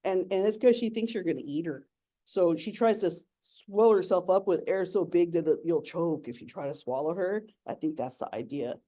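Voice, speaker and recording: A woman's voice: lowish voice, normal speed, mellow. A young adult woman giving a playful, giggly nature talk as an educator.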